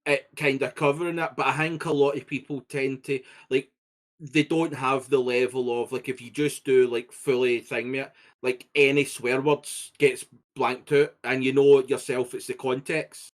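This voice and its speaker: A man's voice: mid-range voice, level tone, normal speed. A Scottish man co-hosting a podcast, chatting casually, swearing freely and restarting his sentences as he laughs along. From Scotland. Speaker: podcast co-host. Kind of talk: casual chat.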